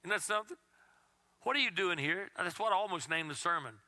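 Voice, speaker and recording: A man preaching a sermon as pastor, reading scripture aloud and at times dropping his voice to a hush. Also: high-pitched, expressive, fairly quick. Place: church.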